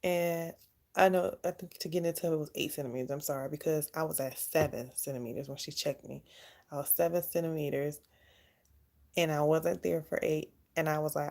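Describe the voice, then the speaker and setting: A young woman with a dark, gravelly voice talks casually to her viewers. She tells her own story candidly, in a chatty and unguarded way. Her pitch sits a little low. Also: steady tone, a little fast. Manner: candid, chatty, laughs often. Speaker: vlogger.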